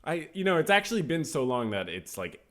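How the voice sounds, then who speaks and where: A man's voice: on the high side, very animated, brisk. A man hosting his own podcast, talking casually in a rambling, self-correcting way with many fillers. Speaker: podcast host. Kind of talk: casual solo podcast talk.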